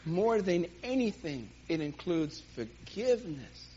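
A man teaching a church class in a lively, jokey way, acting out little scenes, on a dull lo-fi recording with faint hiss. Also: high voice, a little slow.

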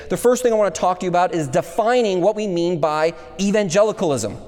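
A man's voice: sits high, a little mellow. A man preaching a sermon, first telling a personal story and then lecturing in a conversational way. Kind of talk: chapel sermon. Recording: long hall reverb.

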